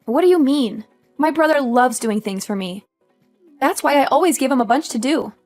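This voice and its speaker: A woman's voice: high voice, lively intonation, moderate pace, a little mellow, soft background music. A woman voicing a spoiled, entitled sister-in-law who taunts with mocking laughs, in a dramatized story. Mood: whiny. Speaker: voice actor.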